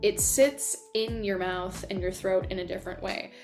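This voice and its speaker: A woman voice actress, a guest in a casual interview, talking in an animated, enthusiastic way with lots of fillers. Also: medium pitch, moderate pace, faint music behind. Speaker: voice actor guest.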